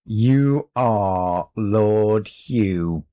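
A sly male cat from a storybook, smug and teasing, as a man reads him aloud. He drawls his words at a very slow, relishing pace. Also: on the low side, warm tone.

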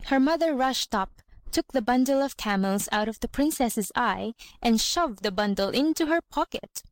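A woman reading a folk tale aloud in an even, clear, unhurried way. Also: a little high, no room sound. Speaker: reader. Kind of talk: storybook reading.

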